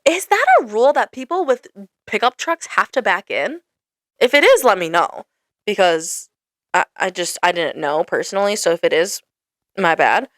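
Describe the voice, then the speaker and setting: Young female host, exasperated casual rant, lively swooping pitch, dry close-miked sound. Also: normal speed, no room sound. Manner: exasperated, lots of "like" fillers. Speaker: podcast host. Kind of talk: casual ranting monologue.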